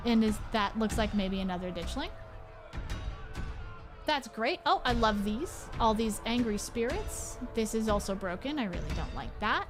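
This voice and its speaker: Woman, game streamer, casual rambling commentary, frequent swearing, slightly high voice, faint music behind. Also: expressive, moderate pace. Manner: chatty, heavy swearing, rambling. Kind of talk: casual let's-play commentary.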